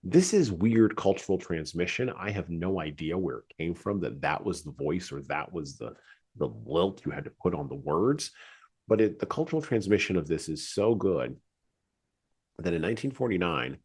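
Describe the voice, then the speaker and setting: A man's voice: low voice, expressive, normal speed, a little mellow, breathy edge. A man hosting a podcast, talking casually and drifting into chatty asides. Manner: digressive, chatty, many asides. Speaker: podcast host.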